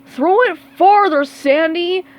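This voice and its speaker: A woman's voice: sits high, animated, measured pace. A woman reading a storybook aloud, voicing a grumpy, demanding male squid coach who barks orders. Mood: bossy. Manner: bossy, barking orders.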